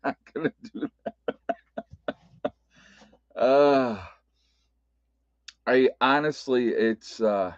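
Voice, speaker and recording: A man's voice: lowish voice, darkish tone, no room sound. A man with an Appalachian American accent hosting a casual livestream, talking loosely, laughing often and restarting his sentences. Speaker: livestream host. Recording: dull lo-fi webcam audio.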